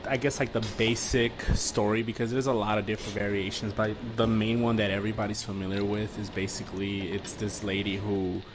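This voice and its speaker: Young man from the border region, lower voice, easygoing storyteller, audible hiss. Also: brisk, few pauses. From US-Mexico border region. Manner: relaxed, swears freely, many fillers. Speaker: podcast guest. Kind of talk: casual storytelling chat.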